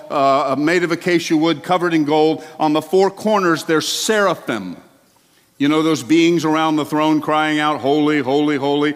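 A male pastor delivering a sermon in a church, animated and exclamatory, with chatty asides to the congregation. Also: fairly high pitch. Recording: long hall reverb.

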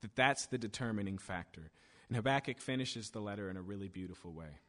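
A man's voice: on the low side, fast talker, a bit bright. A man preaching a sermon in storytelling fashion, acting out quoted voices as he builds intensity. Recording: long hall reverb.

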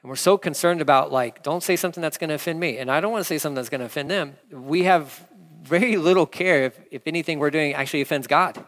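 A male pastor preaching a conversational, animated sermon with casual asides. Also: a little high, fast. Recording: long hall reverb.

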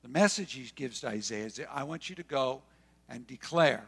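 A man preaching a sermon with passion, swinging between loud declarations and hushed asides. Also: medium pitch, animated, moderate pace, vocal fry, slightly rough, long reverb tail. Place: church hall.

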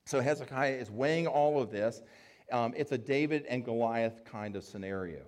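A man's voice: mid-range voice, normal speed, darkish tone. A man preaching a sermon in an explanatory, conversational way, with fillers and restarts. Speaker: pastor.

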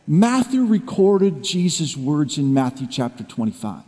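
High-voiced man preaching in a reverberant hall. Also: very animated, a little slow, few pauses. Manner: storytelling, swings from low hushed tones to raised emphatic preaching. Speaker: pastor. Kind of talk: sermon with personal story. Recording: long reverb of a large hall.

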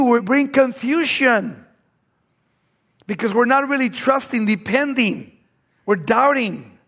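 A man preaching a sermon, swinging between raised exclamations and hushed, low-spoken lines. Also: slightly rough.

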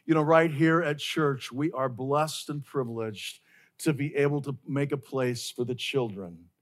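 A man's voice: mid-range voice, a little slow. A man preaching a sermon to his church in an earnest way, stressing his points by saying them again. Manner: earnest, repeats key phrases for emphasis. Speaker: pastor.

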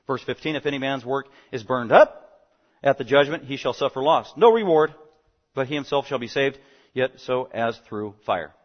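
A pastor preaches an expository sermon in a medium-pitched voice, animated and fast-talking. He swings between loud emphasis and quiet asides, and the recording has a dull lo-fi sound.

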